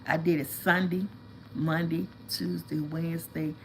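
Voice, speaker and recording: A woman talks casually to her livestream viewers, swinging into lively, animated storytelling. Her voice sits at an ordinary middle pitch. A faint hiss runs underneath the recording. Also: moderate pace, vocal fry, poor audio. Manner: chatty, animated storytelling, addresses viewers as y'all. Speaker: vlog host.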